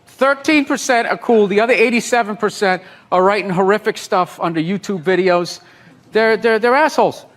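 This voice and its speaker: A man's voice: high-pitched, normal speed, a bit bright. A man who is a guest on a talk show, joking bluntly and cursing as he answers questions. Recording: studio audience, noisy broadcast.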